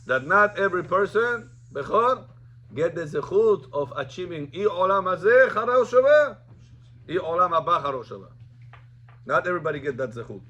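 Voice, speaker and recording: Male rabbi, informal Talmud class, storytelling, Hebrew terms in English, slightly high voice. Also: animated, brisk, sharp tone.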